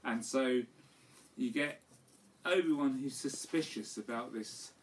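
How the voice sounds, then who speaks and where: A man's voice: medium pitch, slow. A man co-hosting a casual, tipsy podcast chat, rambling with lots of fillers and some swearing. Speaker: podcast co-host. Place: home live stream. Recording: distant mic with faint room noise.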